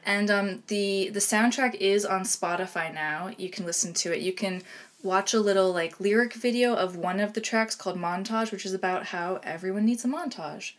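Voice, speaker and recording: A woman co-hosting a film podcast, chatty and enthusiastic, often trailing into softer asides. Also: mid-range voice, normal speed. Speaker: podcast co-host. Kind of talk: casual chat.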